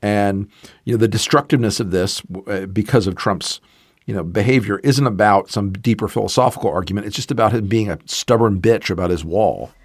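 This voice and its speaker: Blunt low-voiced man. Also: a little fast, breathy edge, no room sound, clean studio sound. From Southern United States. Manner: blunt, emphatic, sarcastic. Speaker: podcast guest, political commentator. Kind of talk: casual political conversation.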